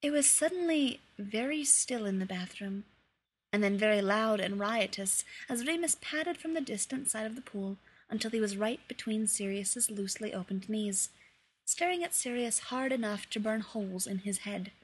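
A woman reading fan fiction aloud in a lively, expressive storytelling manner. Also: mid-range voice, moderate pace, slightly rough. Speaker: reader.

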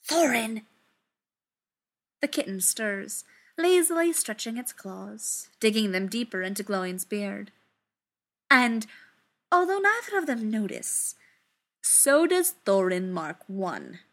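A woman reading a story aloud in an expressive, unhurried way. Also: medium pitch.

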